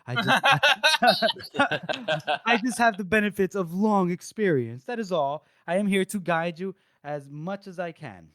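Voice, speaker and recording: A man voicing a calm, scheming old wizard adviser with a smooth, patronizing, measured manner. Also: sits high, no echo, studio quality, exaggerated voice. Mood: smug.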